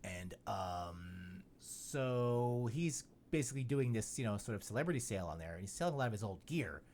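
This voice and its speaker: A man's voice: fairly low pitch, animated, normal speed, darkish tone, slight background noise. A man hosting a podcast in casual chat, rambling and joking with lots of "you know" fillers. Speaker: podcast host.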